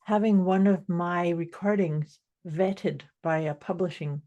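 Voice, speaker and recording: Low mellow Scottish woman. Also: a little slow, muffled recording. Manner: chatty, laughs easily, storytelling. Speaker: life coach, podcast co-host. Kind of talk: casual podcast chat.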